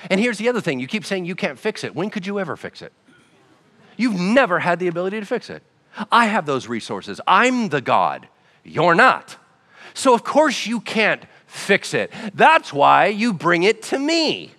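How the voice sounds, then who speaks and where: A man preaching a sermon as pastor. He talks in a lively, conversational way and acts out little dialogues. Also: high voice, moderate pace, long reverb tail.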